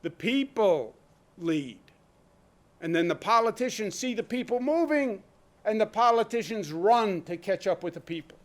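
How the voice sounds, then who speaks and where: A man's voice: high voice, lively intonation, moderate pace. A man speaking as a state governor in a public briefing, blunt and emphatic, driving his points home with rhetorical questions. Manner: blunt, conversational.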